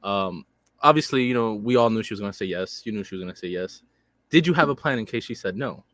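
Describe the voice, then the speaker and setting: A man's voice: fairly low pitch, lively intonation, quick pace, fairly bright tone, no room sound. A young man co-hosting a podcast, joking and teasing his friend in casual chat. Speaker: podcast co-host.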